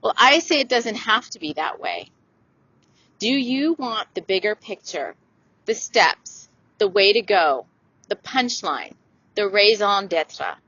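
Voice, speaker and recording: A woman's voice: mid-range voice, very animated, takes it slowly, a bit bright, no echo, dull audio. A woman hosting a solo spiritual talk show, speaking in an earnest, gushing, emotional way. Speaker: spiritual podcast host, channeler.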